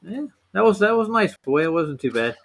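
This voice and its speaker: A man's voice: high-pitched, very animated, normal speed, creaky, slight background noise. Laughing, teasing man in casual chat.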